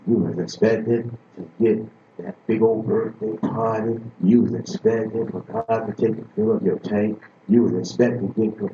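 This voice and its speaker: A man's voice: on the low side, mellow, a little hiss or hum. A man preaching a sermon from Boston, telling stories emphatically with frequent repeated restarts. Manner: emphatic storytelling, repetitive restarts. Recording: echoey room from far off, dull sound.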